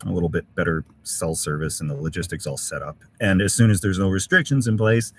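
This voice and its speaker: A man's voice: deep voice, fairly quick, a little hiss or hum. A middle-aged man hosting a casual live stream from a winter campsite, reading out viewer comments and thanking people with lots of uhs and ums. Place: outdoor winter camp in severe cold.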